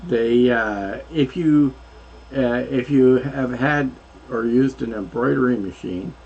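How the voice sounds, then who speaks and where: A man co-hosting a casual crafting livestream, explaining things slowly and patiently with some hesitation. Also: mid-range voice, darkish tone. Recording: dull, lo-fi audio with faint noise.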